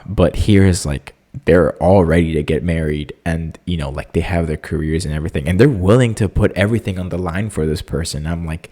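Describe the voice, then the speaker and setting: A young man hosting a casual solo podcast, talking in an animated, jokey way with lots of fillers. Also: brisk. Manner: animated, jokey, many fillers, squeaky excited impressions. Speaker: podcast host.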